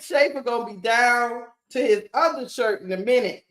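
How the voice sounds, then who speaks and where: A woman hosting a live watch-party stream, calling a basketball game play by play in a casual, animated way and talking straight to her viewers. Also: a little high, moderate pace, hardly any pauses. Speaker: sports stream host. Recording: roomy echo.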